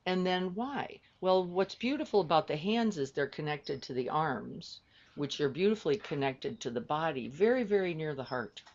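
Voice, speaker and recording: A woman meditation teacher giving a gentle, reflective Buddhist dharma talk over a video call, often asking her group questions. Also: low-pitched, animated, normal speed, highs cut off.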